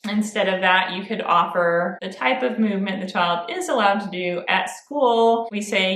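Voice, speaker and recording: A woman speaking as a Montessori teacher, explaining to parents in a gentle, clear and patient way. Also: medium pitch, normal speed, few pauses, roomy sound, rough recording. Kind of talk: friendly instructional talk to parents.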